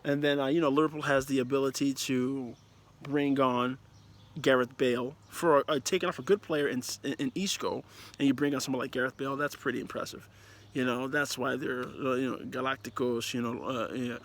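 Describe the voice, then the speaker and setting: A man's voice: medium pitch, a little fast. A man giving a casual, emphatic and rambling review of a football match, talking as a player and manager. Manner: animated, emphatic, rambling with restarts. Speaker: football commentator.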